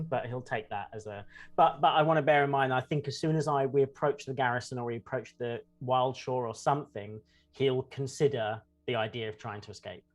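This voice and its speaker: A man playing a tabletop game, chatty and thinking aloud about his character's choices. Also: mid-range voice. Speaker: player.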